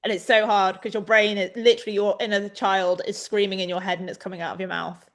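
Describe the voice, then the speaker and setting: A young adult woman co-hosting a webinar, coaching riders in a chatty, animated way over a video call. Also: mid-range voice, quick pace. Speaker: riding coach and webinar co-host. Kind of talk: casual instructional chat.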